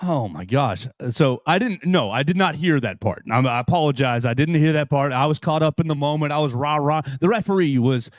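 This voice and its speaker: A man's voice: on the high side, lively intonation, brisk, hardly any pauses, dry recording. Rambling man hosting a talk show. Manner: rambling, restarts often, playful. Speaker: host. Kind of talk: casual wrestling talk show chat.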